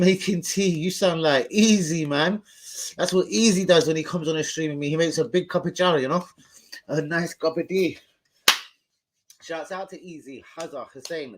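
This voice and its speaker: A young man, swearing and rambling in casual slang as he chats on a live stream from home into his phone. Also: a little high. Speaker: football fan streamer.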